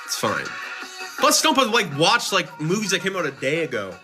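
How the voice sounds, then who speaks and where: This streamer's voice is a little high, with big pitch swings and a normal speaking speed. He reads out viewer messages over clearly audible background music, answering with sarcasm, jokes, and frequent cursing.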